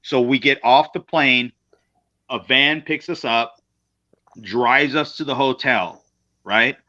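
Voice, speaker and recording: A man's voice: medium pitch, slow pace, sharp tone. A man, a guest wrestler, telling a road story in casual chat, blunt and profane, acting out the other people in quotes. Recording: slightly dull lo-fi sound.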